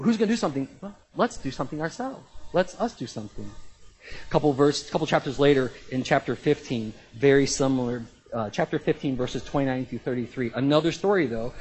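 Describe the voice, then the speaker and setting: A man preaching a sermon in a conversational, animated way, with sudden jumps in pitch and loudness. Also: a little hiss or hum, rough recording. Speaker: pastor.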